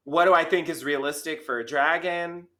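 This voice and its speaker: A man's voice: a little high, normal speed, bright, forceful tone. A man in a casual podcast discussion, hesitant and full of restarts and "like".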